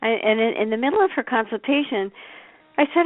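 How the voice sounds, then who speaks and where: A woman's voice: on the high side, animated, fairly quick, no echo. A woman telling stories as a guest in a radio interview, chatty and anecdotal. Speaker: intuitive reader, guest. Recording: dry, tinny phone line.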